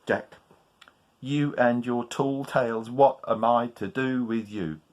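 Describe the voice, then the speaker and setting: A storyteller man voicing an old grandmother who fondly chides her grandson in a slow, drawn-out way. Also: mid-range voice, fairly even intonation, lightly acted. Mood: fondly chiding. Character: doubting, fond old grandma.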